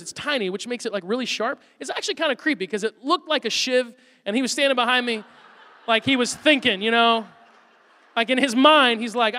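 A man in his thirties, a pastor preaching a sermon, telling a funny, animated story about his son. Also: extremely high pitch. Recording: long hall reverb.

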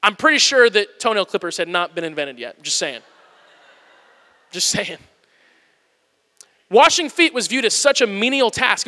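A man in his thirties preaching an animated, humorous sermon in a church, joking at his own expense as he retells a scripture story. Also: sits high, long reverb tail. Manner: animated, joking and self-deprecating. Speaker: pastor.

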